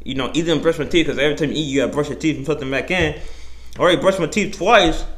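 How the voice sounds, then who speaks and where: A young man hosting his own podcast, talking in a rambling, profane, animated way, full of slang and self-interruptions. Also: on the high side, fast. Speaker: podcast host. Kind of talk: casual solo podcast monologue.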